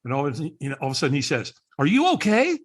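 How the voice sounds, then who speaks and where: A man's voice: medium pitch, fairly even intonation, racing, husky. A man who is a podcast guest, telling a story with lots of energy and acting out the people he quotes. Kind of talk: animated storytelling.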